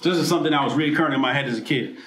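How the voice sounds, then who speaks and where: A man giving a humorous, profane, animated speech at a political mixer, telling a story from his childhood. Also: fairly high pitch, racing. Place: event hall. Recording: echoey room with faint noise.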